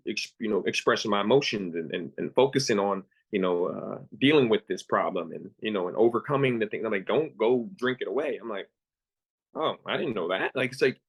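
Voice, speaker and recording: A man in his thirties from Pennsylvania, telling his own story as a guest with earnest, halting, repeated phrases. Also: fairly low pitch. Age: 30s. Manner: earnest, repeats words, acts out his own thoughts in quotes. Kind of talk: candid personal storytelling.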